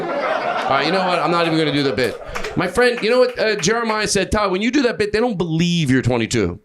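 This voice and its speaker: A middle-aged man doing improvised stand-up in a comedy club, rambling and self-deprecating, breaking into sudden shouts. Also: fairly high pitch. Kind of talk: improvised stand-up riffing with a crowd. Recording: live club recording with crowd. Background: audience laughter.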